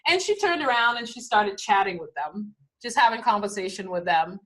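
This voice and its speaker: Middle-aged woman, spiritual teacher, casual storyteller, lively and often laughing. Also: medium pitch, normal speed. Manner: animated, laughs often, acts out voices.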